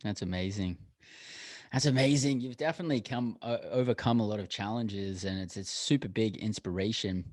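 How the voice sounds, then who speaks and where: A man's voice: lowish voice, a little fast, a little mellow, dry recording. Encouraging male host, dry close sound. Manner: encouraging, gives frequent short backchannels. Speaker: podcast host. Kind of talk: casual interview.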